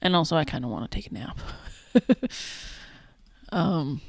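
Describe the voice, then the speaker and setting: Creaky-voiced woman chatting while she works. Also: low voice, very animated, unhurried, darkish tone, no room sound. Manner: chatty, thinks aloud, trails off and restarts. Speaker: zine maker streaming her work. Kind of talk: casual livestream chat while working.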